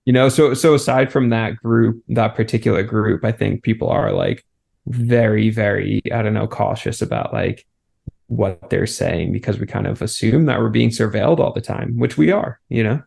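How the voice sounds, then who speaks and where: A man co-hosting a podcast, relaxed and swearing freely, with lots of fillers. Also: lowish voice, moderate pace, creaky, husky. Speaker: podcast co-host. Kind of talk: casual chat.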